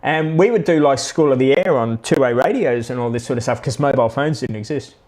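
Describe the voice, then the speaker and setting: A man's voice: mid-range voice, brisk, a little mellow. A middle-aged Australian man with an Australian accent, chatting casually and rambling through anecdotes with frequent restarts. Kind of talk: casual storytelling monologue.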